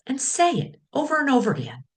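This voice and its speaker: A woman speaking as a wellness teacher, guiding listeners calmly in short, measured phrases. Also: high-pitched. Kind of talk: guided teaching talk.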